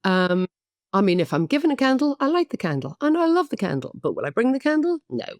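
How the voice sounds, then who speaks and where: A woman's voice: a little high, very animated, quick pace, darkish tone, dry recording, studio quality. A middle-aged woman with an Irish accent, a guest actress talking candidly and chattily in a podcast interview, self-deprecating and full of "um"s. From Ireland.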